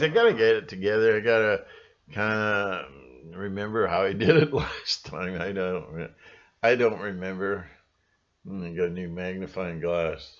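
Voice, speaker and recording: A man's voice: fairly low pitch, a bit bright, highs cut off. A man vlogging in a rambling, sarcastic casual monologue full of fillers.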